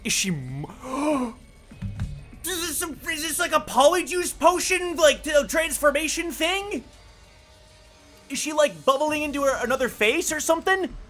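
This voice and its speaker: A streamer giving let's play commentary with jumpy, excitable reactions while reading a story game aloud. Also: high voice, a little slow, soft background music.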